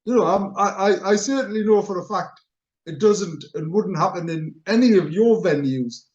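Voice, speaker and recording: A man's voice: high voice, moderate pace, lo-fi sound. A middle-aged man, hosting a casual chat show and telling an anecdote while chuckling at himself. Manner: animated storyteller, chuckles at himself. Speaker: radio show host.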